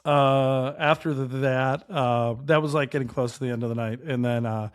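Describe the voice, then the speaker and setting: A man co-hosting a chat show, telling a long story in a loose, animated way with lots of filler words. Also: mid-range voice, normal speed, smooth. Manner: animated, rambling, heavy use of "like". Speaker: podcast co-host, chef.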